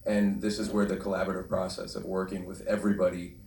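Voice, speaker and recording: Very deep-voiced joking man on a panel. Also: flat delivery, fast talker, creaky, darkish tone. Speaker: voice actor on a convention panel. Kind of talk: casual panel talk. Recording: echoey hall, distant mic, faint noise.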